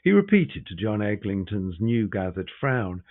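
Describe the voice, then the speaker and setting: A man reading a novel aloud in a measured, expressive way. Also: lowish voice, no echo. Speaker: reader. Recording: tinny, phone-like sound.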